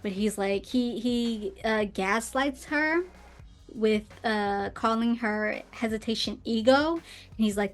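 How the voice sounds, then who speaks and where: A woman hosting a podcast, casually recapping a film plot in a chatty way with quick asides. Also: fairly high pitch. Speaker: podcast host. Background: faint intro music.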